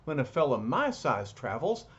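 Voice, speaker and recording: A man's voice: mid-range voice, big pitch swings, normal speed, breathy edge. A man voicing a boastful, joking giant male superhero, in a dull lo-fi recording. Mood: wisecracking. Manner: wisecracking.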